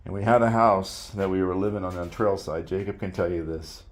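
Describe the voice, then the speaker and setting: A man's voice: low voice, brisk. A man earnestly telling his personal story in a casual, reflective way, often trailing off and restarting.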